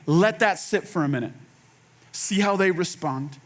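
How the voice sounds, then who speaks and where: A man's voice: sits high, expressive, a little slow, long pauses. A man pastor giving a conversational sermon, acting out quoted lines and repeating phrases for emphasis.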